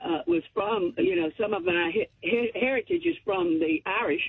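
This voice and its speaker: A woman's voice: medium pitch, very animated, normal speed, breathy edge, no room sound. A woman calling in to a radio show over the phone, hesitant and full of ums. She has a cough. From South Carolina. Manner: hesitant, many ums and uhs. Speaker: caller. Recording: tinny phone line.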